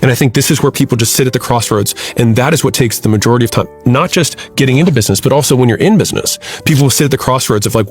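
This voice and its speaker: Podcast host, mid-pitch male voice, measured and thinking aloud. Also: faint music behind. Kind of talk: reflective conversational talk.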